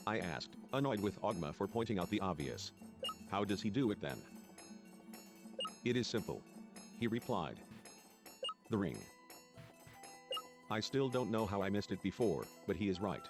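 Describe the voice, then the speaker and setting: A man reading game dialogue and narration aloud in a let's play. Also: lowish voice.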